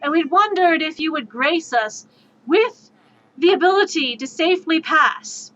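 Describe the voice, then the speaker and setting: A woman's voice: high voice, animated, unhurried, sharp tone, heavily acted. A woman voicing a formal, reckless male samurai adventurer with solemn, courtly phrasing, on dull lo-fi stream audio. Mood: pleading.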